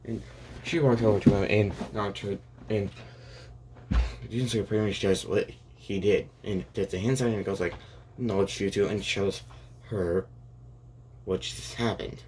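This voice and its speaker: Young male storyteller, low voice, loose and rambling, lots of restarts, slight background noise. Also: fairly even intonation, measured pace, long pauses, a little mellow. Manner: rambling, many restarts and "and it's like". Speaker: fan fiction storyteller. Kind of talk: improvised spoken fan story.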